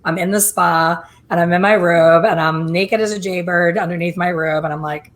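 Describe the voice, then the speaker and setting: A middle-aged woman hosting a casual chat, telling lively stories and acting out other people's voices. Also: lowish voice, normal speed, few pauses. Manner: animated, acts out quoted voices. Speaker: host.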